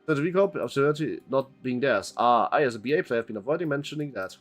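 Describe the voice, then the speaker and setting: While playing a game on stream, a young man chats loosely and jokingly with viewers, voices the game's text, swears, and thanks chatters. His medium voice is expressive and very fast, with faint music behind him.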